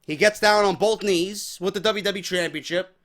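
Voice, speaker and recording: A man giving a casual, profanity-laden wrestling recap from home, animated and opinionated. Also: high-pitched, normal speed. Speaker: wrestling review vlogger. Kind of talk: casual show recap rant.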